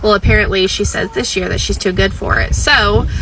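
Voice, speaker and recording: A woman's voice: medium pitch, a little fast, very noisy. A mother telling a long, rambling story in an exasperated rant. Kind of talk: venting mom rant.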